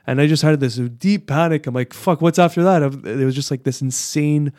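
A man's voice: mid-range voice, steady tone, brisk, darkish tone, dry recording, studio quality. A man co-hosting a podcast, talking in an earnest, reflective way and laughing easily. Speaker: podcast co-host. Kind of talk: casual podcast chat.

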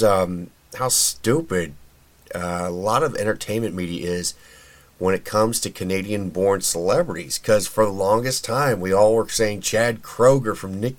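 A podcast host with a low voice rambles through casual solo commentary, chatty and opinionated, full of fillers and restarts.

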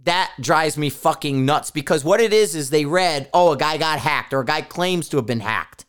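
A man's voice: a little high, expressive, normal speed, fairly bright tone, clear, resonant tone. A man hosting a podcast, talking casually in a blunt, profane, rambling way with frequent restarts. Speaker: podcast host. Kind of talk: casual solo podcast rant.

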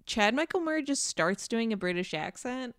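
A young adult woman hosting a podcast, chatting casually and telling animated stories with quoted voices. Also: on the high side, normal speed, clean tone, dry recording, studio quality. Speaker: podcast host. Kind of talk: casual chat.

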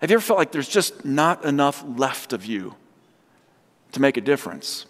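A man's voice: medium pitch, big pitch swings, normal speed. Man preaching in a reverberant hall. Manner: storytelling, acts out quoted voices. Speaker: pastor. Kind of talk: sermon.

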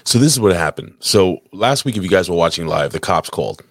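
A man's voice: sits low, expressive, brisk, dry recording, clean studio sound. A man hosting a live podcast, telling a long rambling story in casual, crude chat with lots of swearing. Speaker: podcast host. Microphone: desk mic, live stream.

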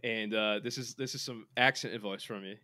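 Bright-voiced joking man. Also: on the low side, fairly even intonation, brisk. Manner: joking, playful, reads listener messages aloud. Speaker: podcast co-host. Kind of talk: casual chat.

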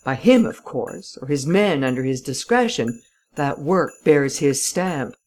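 Woman reader doing a cool male detective, low and dry, unbothered; slow-spoken audiobook character. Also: lively intonation, darkish tone. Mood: grim. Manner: dry and unhurried, teasing. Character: calm self-assured male French detective.

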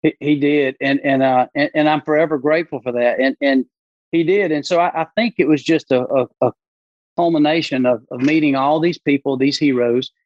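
Brief: male podcast guest, animated storyteller, higher voice, muffled lo-fi recording. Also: brisk, no echo. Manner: animated storyteller who acts out quoted voices. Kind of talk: casual podcast conversation.

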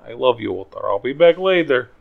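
A man's voice: mid-range voice, very animated, brisk, gravelly, phone-quality sound. A man playing a tabletop role-playing game, goofy and joking in character. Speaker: player.

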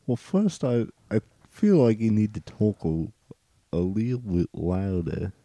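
A man playing a self-important judge who speaks softly and haltingly, a little lower than his own voice. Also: very animated, dry recording, full character voice. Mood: solemn. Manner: soft, halting and low. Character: slow, mumbling, self-important male judge.

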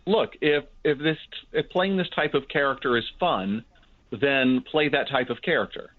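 A man's voice: mid-range voice, moderate pace. An enthusiastic man co-hosting a casual podcast, with geeky, joking banter. His voice comes through thin and phone-like. The sound is very dry, with no room echo at all. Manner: enthusiastic, jokey geek banter. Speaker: podcast co-host. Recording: tinny phone-like line, dry.

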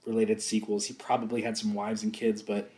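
A man's voice: fairly low pitch, completely flat delivery, brisk, darkish tone. A man co-hosting a podcast, talking casually and enthusiastically about a film, laughing often and swearing freely. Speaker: podcast co-host.

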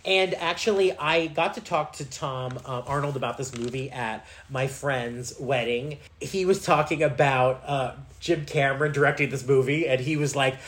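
A man co-hosting a podcast, chatting casually about an old action movie, animated and swearing freely. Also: medium pitch, normal speed, hardly any pauses. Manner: animated, swearing, acts out quotes. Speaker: podcast co-host.

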